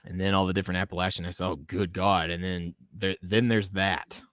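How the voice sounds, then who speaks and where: A man's voice: low-pitched, level tone, quick pace, fairly bright tone, no echo. Rambling Southern-living man, dry sound. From American South. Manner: rambling, laughs often, reads chat aloud. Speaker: podcast host. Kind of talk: casual live-stream chat.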